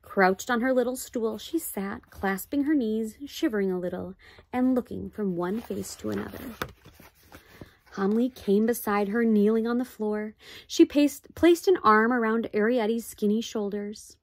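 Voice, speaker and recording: A woman reading a children's storybook aloud in a gentle, expressive way. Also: on the high side, measured pace, dry recording.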